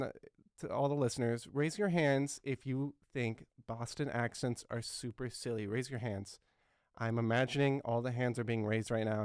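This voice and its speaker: A man's voice: medium pitch, clean tone, dry recording, clean studio sound, lightly acted. A man in his twenties playing an earnest, clueless talk show host who rambles and fills his talk with ums and uhs. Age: 20s. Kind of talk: satirical talk show comedy.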